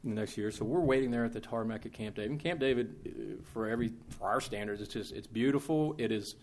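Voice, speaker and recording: A man telling an anecdote to a live audience in a conversational, animated way, acting out the quotes. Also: on the low side, fast. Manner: animated, conversational, with frequent restarts and acted-out quotes. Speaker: speaker recounting diplomatic experiences.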